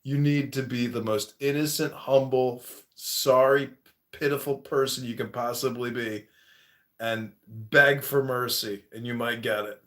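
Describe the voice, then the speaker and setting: A man's voice: medium pitch, fairly even intonation, unhurried, a bit bright. A man hosting a casual livestream chat, crude and mocking, swearing often as he roasts his guests. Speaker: livestream host.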